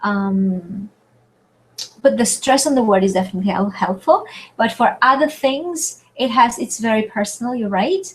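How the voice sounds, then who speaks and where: French-accented woman, webinar tutor, halting delivery full of fillers, computer mic. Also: a little high, lively intonation, low-quality recording. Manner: hesitant, searching for words with many fillers. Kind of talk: live online Q&A lesson. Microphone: computer mic on a video call.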